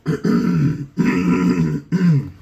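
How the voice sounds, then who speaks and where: A man's voice: high voice, very slow, vocal fry, dark tone, muffled recording, slight background noise. A man in a rambling monologue, punning on words and often asking "right?" as he talks to the camera. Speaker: video host.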